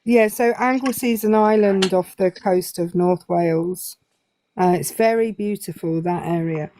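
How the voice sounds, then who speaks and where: A woman's voice: mid-range voice, moderate pace, warm tone, a little hiss or hum. A young English woman chatting casually as a guest on a live stream, hesitant with many fillers. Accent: English, southern Midlands. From England.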